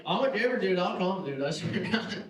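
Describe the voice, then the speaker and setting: A brash young man with a high voice works through a stand-up set, mocking himself and swearing freely. He is picked up from a distance in an echoing theater hall. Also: animated, a little fast, a bit bright. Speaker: stand-up comedian. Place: theater stage before a live audience. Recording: echoey hall, mic heard from afar.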